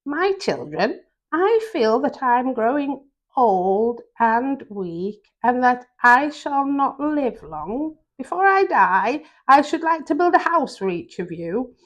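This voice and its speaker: A woman voicing an old, feeble mother pig who speaks slowly and earnestly to her piglets in a storybook reading. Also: sits high, very animated, voice pushed up, full character voice. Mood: tender, anxious. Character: old feeble mother sow, tender and worried.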